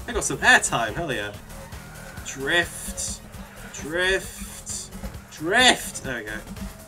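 A young man commentating while he plays a racing game, excitable and quick to yell and laugh at his wins and crashes. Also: on the high side. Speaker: gaming video creator. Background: faint game music.

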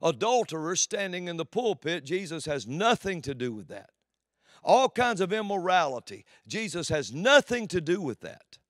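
A man preaching a sermon with emphatic swings between loud declarations and quiet asides. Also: high voice, big pitch swings, normal speed, dry recording, clean studio sound.

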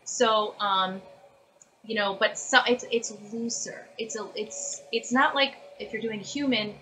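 A woman voice actress chatting casually as an interview guest, animated and full of fillers and restarts. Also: on the high side, a little slow, slight background noise, rough recording.

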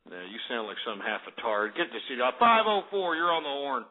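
A man's voice: mid-range voice, very animated, a little fast. A man hosting an internet call-in radio show, ranting at and insulting his callers and cutting them off abruptly. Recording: lo-fi phone-like internet radio audio.

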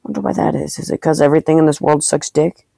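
A man's voice: on the high side, fairly even intonation, fast, vocal fry, dark tone, breathy edge, no room sound, rough recording. A man giving casual gameplay commentary, frustrated, swearing and ranting at other players. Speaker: gamer recording his play.

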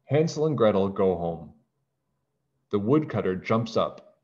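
A man with a low voice reads a children's storybook to his class, his voice rising and falling a great deal. He speaks slowly and clearly, like a teacher. The recording is dull and lo-fi. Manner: slow, clear and expressive for children. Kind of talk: children's storybook read-aloud.

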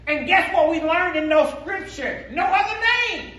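A male pastor with a Black speech pattern preaches in a call-and-response style, his high voice climbing into shouts. He sounds set back from the microphone, and the sanctuary echoes around every line. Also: normal speed, far from the mic. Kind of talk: sermon. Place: church sanctuary.

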